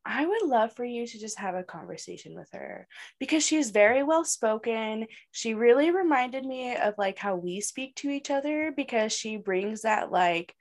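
Brief: woman co-host, higher voice, lively chatty delivery, laughs a lot. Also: normal speed. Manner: animated, laughs often, frequent "like". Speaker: podcast co-host. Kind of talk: casual chat.

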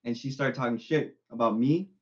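A young man appears as a podcast guest in a casual chat, speaking at a moderate pace in a medium-pitched, darkish voice. He rambles and repeats himself while retelling what his friends said, and the lo-fi sound is slightly dull.

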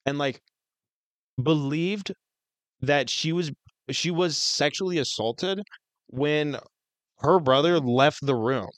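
A podcast co-host tells a long story in casual chat, rambling along with lots of fillers and swearing. His voice is a little high, captured with clean studio sound and no room sound.

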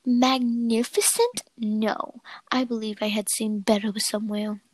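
A woman's voice: mid-range voice, level tone, normal speed, dry recording, rough recording. Woman whispering a story reading. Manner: whispering narration. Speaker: reader. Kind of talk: reading fan fiction aloud, mostly whispered.

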